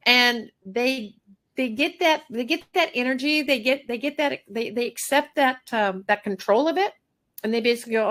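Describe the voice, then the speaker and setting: A middle-aged master groomer woman giving a workshop talk, animated, repeating phrases and acting out little dialogues. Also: fairly high pitch, moderate pace.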